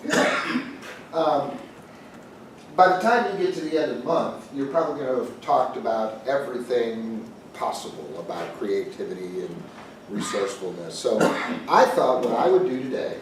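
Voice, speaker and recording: A man's voice: mid-range voice, moderate pace. A male pastor telling a joke-filled story to a group and bantering with his listeners. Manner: joking, animated storyteller, chats with the audience. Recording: echoey room from a distant mic with faint noise.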